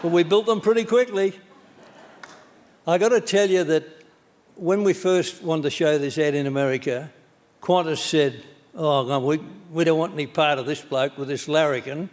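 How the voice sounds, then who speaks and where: A man's voice: a little high, steady tone, normal speed, darkish tone. Blunt older Australian man at a podium. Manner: blunt, anecdotal, plain-spoken. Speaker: former minister giving a tribute. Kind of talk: awards tribute speech. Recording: stage speech in a reverberant hall.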